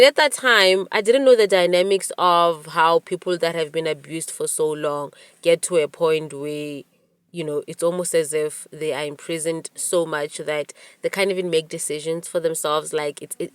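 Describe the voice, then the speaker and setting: A woman in her forties hosting a podcast, telling a personal story in an animated way, with many restarts. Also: on the low side, clean tone, dry recording. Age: 40s. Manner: animated retelling with quoted dialogue, frequent restarts. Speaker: podcast host. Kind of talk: storytelling monologue.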